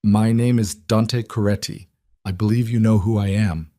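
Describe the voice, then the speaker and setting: A man's voice: fairly low pitch, no room sound, clean studio sound, close to an everyday voice. A man reading as a cold older crime boss. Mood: menacing. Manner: calm, measured threats. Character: older male crime boss, coldly amused and menacing.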